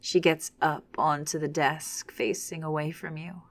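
A woman narrating a second-person story in a hushed, unhurried, often whispered reading. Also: low-pitched, little pitch movement, dry recording.

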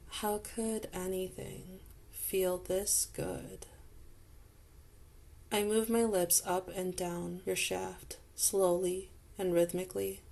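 Slow, husky-toned woman narrating intimately. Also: on the low side, a little mellow. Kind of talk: second-person intimate audio role-play narration.

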